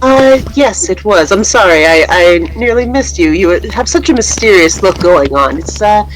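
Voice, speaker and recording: A woman's voice: medium pitch, animated, moderate pace, low-quality recording. A woman speaking as her character in a tabletop game, with prim, genteel phrasing. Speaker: player. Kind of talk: in-character tabletop role-play.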